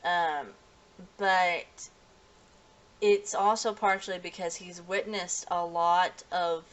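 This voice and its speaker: Low-voiced woman rambling through a review. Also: fairly even intonation, takes it slowly. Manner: rambling, frequent "you know" and restarts. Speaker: anime episode reviewer. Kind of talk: casual spoken review.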